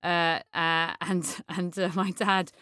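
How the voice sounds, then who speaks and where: A woman's voice: lowish voice, level tone, slow pace, pushed and bright, no room sound, studio quality. A British woman, a panel guest telling a funny story in a chatty, laughing way. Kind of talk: comic storytelling.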